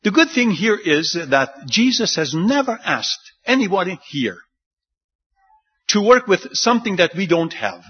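Animated preacher man, lively pitch. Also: unhurried, breathy edge. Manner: animated, acts out the disciples' lines with rising pitch. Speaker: pastor. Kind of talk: sermon. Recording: dull lo-fi sound.

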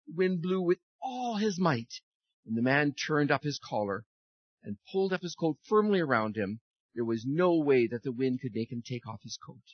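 Animated man telling children a story. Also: fairly high pitch, normal speed, slightly rough, no echo, dull audio. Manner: animated, friendly, speaks to children. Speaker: pastor leading a children's message. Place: church.

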